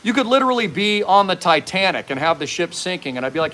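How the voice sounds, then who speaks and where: A man's voice: high voice, fast, sharp tone, slight background noise. A man hosting a commentary monologue, speaking in a fervent, preachy, raised voice. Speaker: host.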